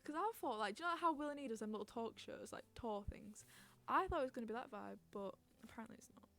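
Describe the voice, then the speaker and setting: A woman's voice: on the high side, lively intonation, quick pace, a bit bright. A young woman hosting a casual chat podcast on stream, rambling, giggling and reading out chat messages.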